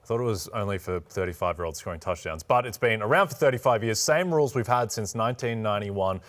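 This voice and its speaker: A man's voice: on the low side, fast, a bit bright. A man with an Australian accent, co-hosting a sports show with dry, wry humor. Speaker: co-host. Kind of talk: casual sports podcast chat.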